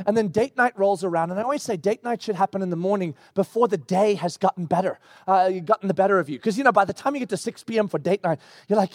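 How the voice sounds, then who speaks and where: A middle-aged male pastor preaching, telling a personal story with lively, acted-out bits. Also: high voice, fast, few pauses, no room sound, clean studio sound. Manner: animated storytelling with acted-out quotes. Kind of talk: sermon. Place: church.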